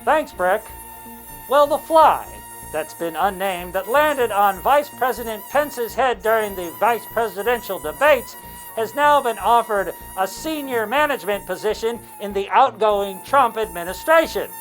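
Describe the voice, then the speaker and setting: A woman's voice: mid-range voice, lively intonation, unhurried, faint music behind, lightly acted, low-quality recording. A woman voicing a fly news reporter in a comedy news parody, chirpy and mock-serious.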